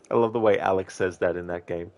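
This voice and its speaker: A man streaming a video game, chatting casually with viewers and joking, with a relaxed manner. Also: low voice. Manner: relaxed, jokey, chuckling at his own puns. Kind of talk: casual chat while reading viewer messages.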